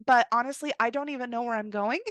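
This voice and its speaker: Young woman, podcast host, casual storytelling, lots of "like", fairly high voice, dry sound. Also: fairly quick, no room sound. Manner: chatty, heavy use of "like", animated quoted asides.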